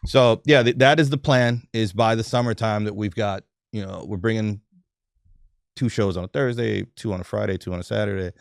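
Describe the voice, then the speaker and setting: Laid-back low-voiced comedian guest. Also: male voice, gravelly, dry recording, studio quality. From New York. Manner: relaxed, chatty, laughs often, quick restarts. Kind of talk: casual podcast interview.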